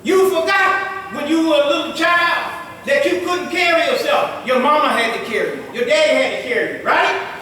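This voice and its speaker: A male imam preaches a Friday sermon with a very high, sharp voice, swinging from loud, stretched-out calls to hushed asides and often laughing through his stories. He is caught from some distance in a big mosque hall that rings with a long echo. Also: moderate pace. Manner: lively preaching that swings between loud and quiet. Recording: echoey hall from far off.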